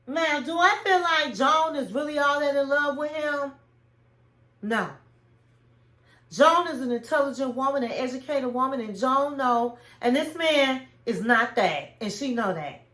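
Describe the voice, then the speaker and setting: A woman's voice: sits high, a little slow, a bit bright, reverberant. A woman hosting a reality TV recap, giving her opinions in casual commentary and acting out what people said. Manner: opinionated, retells scenes by acting out quotes.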